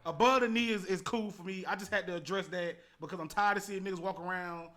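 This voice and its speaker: A man's voice: high voice, fast. A man co-hosting a podcast, bantering casually and laughing often. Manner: animated, joking, laughs often. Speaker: podcast co-host.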